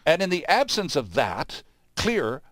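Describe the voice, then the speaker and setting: A man's voice: a little high, huge pitch swings, measured pace, fairly bright tone, no room sound. A man hosting a legal talk show, asking probing questions and summing up at length. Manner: probing questions, wordy summaries.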